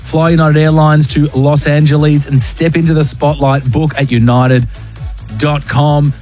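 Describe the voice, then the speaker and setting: An Australian man hosts a radio show with jokey, energetic banter full of slang. His voice sits a little high, and faint music plays beneath his studio mic. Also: unhurried. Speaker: radio host. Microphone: studio microphone.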